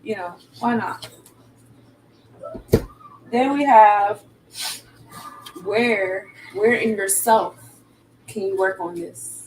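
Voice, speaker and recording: A woman's voice: mid-range voice, very slow, long pauses, far from the mic, slight background noise, rough recording. A woman giving a casual live-stream tarot reading, loose and slangy with laughing asides. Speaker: tarot reader.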